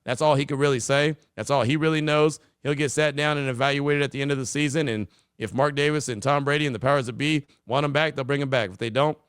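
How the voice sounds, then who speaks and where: A man's voice: mid-range voice, fast, clear, resonant tone, no room sound, studio quality. Laid-back male sports podcast host. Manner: relaxed, conversational, many fillers. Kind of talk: casual call-in show talk.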